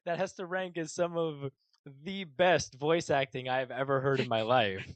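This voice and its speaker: A man's voice: a little high, normal speed, no room sound. A young man co-hosting a casual podcast who laughs a lot, teases his friend and steers the talk back to the news. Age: 20s. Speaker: podcast co-host. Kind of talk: casual chat.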